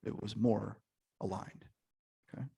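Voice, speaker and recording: A man's voice: on the low side, fairly even intonation, a little slow, creaky, dark tone, slightly rough. A man hosting an online coaching workshop, talking conversationally and encouraging participants by name. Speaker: workshop host. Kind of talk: casual coaching talk to an online group.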